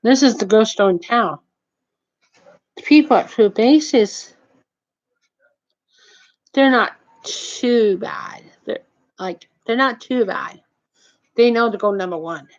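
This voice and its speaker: At a moderate pace and medium pitch, a woman rambles through a long, indignant story, restarting many times. She swears heavily, speaks with nonstandard grammar and adds "you know what I mean" tags, recorded on dull lo-fi audio.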